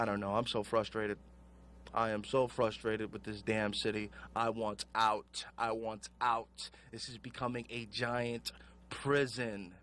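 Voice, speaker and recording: A man's voice: fairly high pitch, a bit bright. A man hosting a call-in radio show, ranting sarcastically and sounding exasperated. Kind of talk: call-in talk radio rant.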